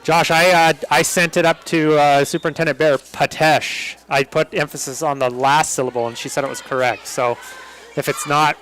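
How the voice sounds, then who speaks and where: Man, color commentator, casual, joking, amazed reactions, slightly high voice. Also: fairly even intonation, moderate pace, a bit bright, rough recording. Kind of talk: live volleyball commentary.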